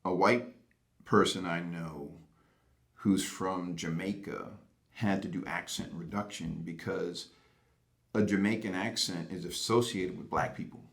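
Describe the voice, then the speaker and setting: A man's voice: sits low, fairly even intonation, measured pace, gravelly, fairly bright tone. A man from Boston with an American accent, speaking reflectively in an interview and telling anecdotes. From Boston, United States.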